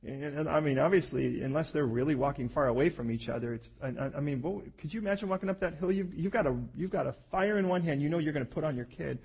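A man's voice: fairly high pitch, quick pace, gravelly, hardly any pauses, darkish tone, husky. A middle-aged man, a pastor, preaching a sermon in a conversational, emphatic way.

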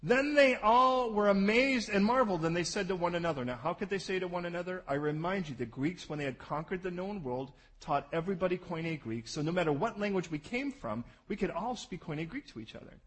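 A man preaching a sermon, animated and jokey, swinging from loud bursts to low asides. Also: fairly quick, hardly any pauses, slightly rough, rough recording. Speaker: pastor.

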